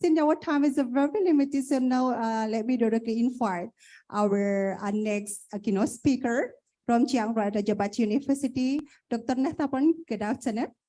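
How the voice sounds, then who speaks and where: A woman's voice: fairly high pitch, moderate pace, warm tone. A woman moderating an online conference, polite and apologetic, often repeating her questions.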